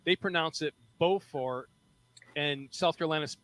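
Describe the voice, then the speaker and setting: A man's voice: fairly high pitch, brisk, bright, forceful tone, rough recording. A male comedian guest in casual podcast chat, rambling and repeating himself as he talks. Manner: loose, rambling, repeats words.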